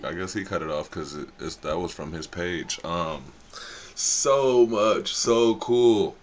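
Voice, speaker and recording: A man's voice: low voice, a little slow, slight background noise. A man hosting a livestream in a casual, joking way, reading viewer captions aloud and swearing freely. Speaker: livestream host.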